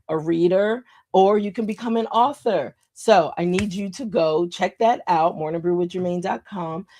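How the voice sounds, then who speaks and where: A woman's voice: on the low side, a little mellow. A middle-aged woman hosting a live morning show, speaking from the heart to viewers and repeating phrases for emphasis. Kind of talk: live-stream talk to viewers.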